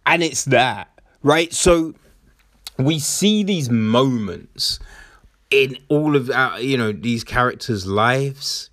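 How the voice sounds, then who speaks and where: A man's voice: medium pitch, animated, takes it slowly, fairly bright tone, no echo, studio quality. A man giving a casual, rambling film recap with many fillers and restarts. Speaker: film reviewer.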